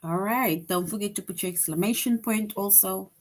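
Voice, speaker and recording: A woman teaching an online grade-school lesson, patient and repetitive, often checking in with "right?" and acting out example sentences with sudden lively bursts. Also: mid-range voice, moderate pace.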